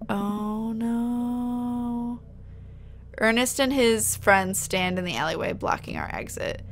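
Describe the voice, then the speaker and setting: A woman's voice: mid-range voice, big pitch swings, moderate pace, fairly bright tone, slight background noise. A woman streamer reading a dating game's narration aloud with playful, jokey asides. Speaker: game streamer. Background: game music.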